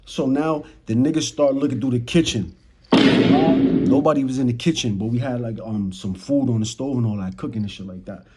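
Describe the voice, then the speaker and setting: Speaking at a moderate pace in a mid-range voice, this young storyteller vlogger with a New York accent recounts a casual story full of slang. He addresses his chat directly and animates the moments as he retells them, with background noise in the recording.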